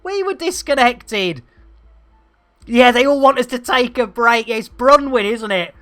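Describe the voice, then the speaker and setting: A man's voice: very high voice, lively intonation, unhurried, fairly bright tone, soft background music. A man hosting a live gameplay stream, rambling through jokey banter and cheeky asides. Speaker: livestream host.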